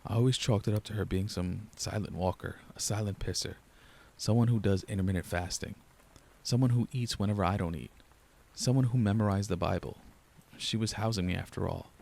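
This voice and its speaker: A young man reading a first-person horror story aloud in a low-key, steady storyteller's way. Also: fairly quick, gravelly. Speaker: narrator. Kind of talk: scripted horror narration.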